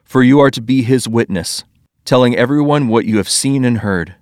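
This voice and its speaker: A man voicing Ananias, a devout and kindly man who gently urges, in a scripture story read aloud. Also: mid-range voice, normal speed, no room sound, studio quality, natural voice. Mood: urging.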